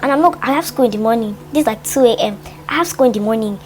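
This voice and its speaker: A young female vlogger tells a personal story with animated energy, peppering it with "like" and dramatizing her own thoughts. Her voice is fairly high and she talks fast.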